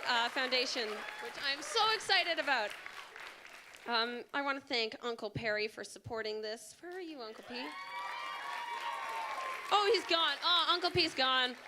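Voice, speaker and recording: A woman's voice: medium pitch, sharp tone, a little hiss or hum. Gushing young woman thanking a crowd. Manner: effusive and gushing, repeats words like incredible. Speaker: show director and producer. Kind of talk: live onstage thank-you speech. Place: theatre stage before a live audience. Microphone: handheld microphone.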